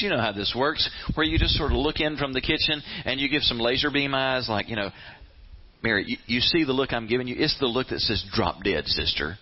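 Animated, husky-voiced preacher man. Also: fairly high pitch. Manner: animated storytelling, addresses the audience directly. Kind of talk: sermon. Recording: dull lo-fi sound.

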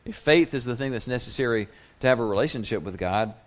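A man's voice: mid-range voice, expressive, fast talker. A male pastor preaching a sermon in a conversational way, slipping into the voices of the people he quotes.

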